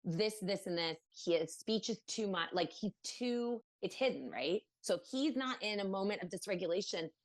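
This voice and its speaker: A woman guest on a podcast recounts a personal story in lively, casual talk. She slips into quoted voices of the people around her, often with "like" and restarts. Her voice sits at a middle pitch for a woman. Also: moderate pace, hardly any pauses. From Maryland, USA. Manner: animated, acts out quoted voices, many fillers.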